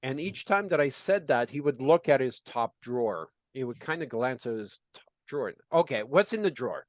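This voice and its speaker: A man's voice: mid-range voice, normal speed, no room sound. A man working as a business consultant, telling a story in conversation and acting out the dialogue with lots of "you know" fillers.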